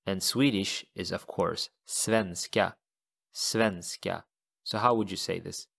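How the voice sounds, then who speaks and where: A man teaching a language lesson in a slow, deliberate way, repeating each example phrase. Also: sits low, vocal fry, a bit bright.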